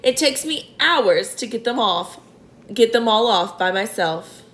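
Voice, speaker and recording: A woman's voice: fairly high pitch, expressive, unhurried, fairly bright tone. A woman voicing a cocky, boastful male centipede in a children's storybook reading. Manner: proud, show-off. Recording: roomy echo.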